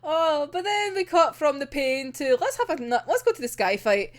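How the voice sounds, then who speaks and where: A woman giving an emotional, excitable casual recap of a manga volume, swearing and acting out characters' lines. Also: high voice. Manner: emotional, swearing, laughing and groaning over the story; acts out characters' lines in quick quoted asides. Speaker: manga reviewer.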